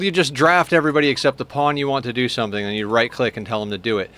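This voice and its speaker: A man's voice: medium pitch, lively intonation, fast talker, hardly any pauses, a bit bright. A man streaming a game live, frustrated, swearing and repeating himself as he talks to his viewers. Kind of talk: live gameplay stream talk.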